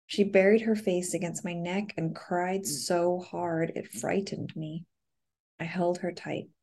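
Low, mellow woman narrating an audiobook. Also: fairly even intonation, slow pace, a little hiss or hum. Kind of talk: first-person audiobook narration.

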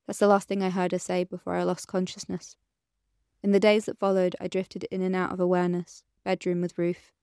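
A woman narrating a first-person audiobook story in a measured, quiet way. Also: lowish voice, monotone, smooth, no echo, studio quality.

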